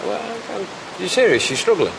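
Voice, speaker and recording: A man's voice: high-pitched, big pitch swings, normal speed, gravelly, background noise, full character voice. A wary, dry-humoured man. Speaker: soap opera character. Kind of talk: TV drama acting.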